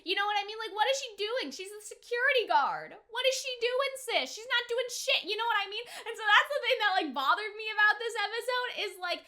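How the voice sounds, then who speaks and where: A woman giving a casual, rambling anime reaction commentary, animated and full of "like". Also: very high-pitched, brisk, few pauses. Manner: animated, rambling, heavy use of "like".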